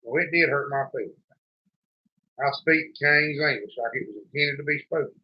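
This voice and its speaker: At a moderate pace and fairly high pitch, the man drawls in a folksy, casual chat as host of a homesteading show. His accent is a thick rural one from North Carolina in the Southern US, and the recording has a dull lo-fi quality.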